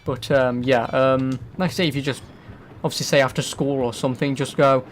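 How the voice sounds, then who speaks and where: An English man chatting casually while he plays, rambling and swearing with a jokey tone. His pitch sits mid-range, with faint background noise behind him. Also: fairly even intonation, fairly quick. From England. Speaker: streamer. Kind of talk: casual gaming commentary.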